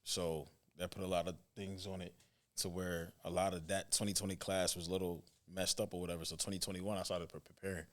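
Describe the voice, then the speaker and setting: Low-pitched and brisk, this man in his twenties coaches and trains football and appears as a podcast guest. He rattles off loose, slangy stories and becomes animated while imitating parents.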